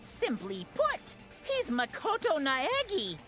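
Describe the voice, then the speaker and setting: A taunting, melodramatic game villain mocks in a high voice that swoops wildly from line to line. The delivery is slow and drawn out. Loud game music plays underneath. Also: female voice, huge pitch swings, heavily acted. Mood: mocking. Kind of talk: dubbed video game dialogue.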